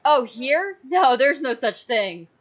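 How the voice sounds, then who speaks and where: A woman hosting a casual podcast, her voice sitting fairly high. She rambles and swears offhandedly. The audio is dull and muffled. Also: very animated, slow pace, a little hiss or hum. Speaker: podcast host. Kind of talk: casual chat.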